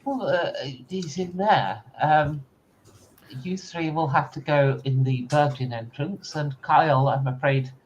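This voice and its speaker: A man's voice: on the high side, a little slow, muffled recording, slight background noise. A man narrating a tabletop game as game master, playful and giggly with hesitant fillers.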